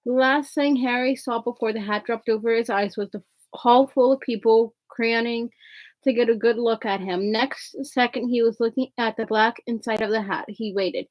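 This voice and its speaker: A woman's voice: a little high, steady tone, moderate pace, a little mellow, no room sound, poor audio. A woman reading a novel aloud, often stumbling over words and correcting herself. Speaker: reader.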